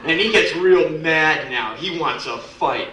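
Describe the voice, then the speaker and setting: A man with a fairly high voice performs profane, sardonic spoken-word stories live in a music club, acting out the voices of the people in them. He speaks unhurriedly, and a crowd can be heard in the noisy background. The recording is roomy and distant, typical of a live club.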